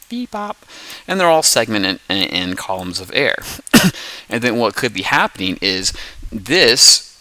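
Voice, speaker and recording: A man hosting his own science video, explaining a rambling theory in casual talk, coughing and clearing his throat often, with playful beep-boop noises. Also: lowish voice, sharp tone, no echo, poor audio. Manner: adds playful beep-boop sound effects. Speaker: hobbyist science video host.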